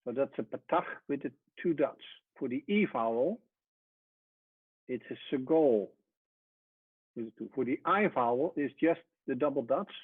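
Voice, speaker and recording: A man teaching a Hebrew lesson at a whiteboard, explaining step by step and often trailing off softly. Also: mid-range voice, expressive, moderate pace, long pauses, breathy edge, no echo. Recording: tinny phone-like sound.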